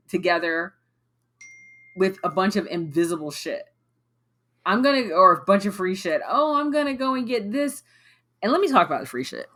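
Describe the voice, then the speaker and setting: A woman sales coach on a live coaching call, blunt and animated, swearing and mimicking her clients. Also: on the low side.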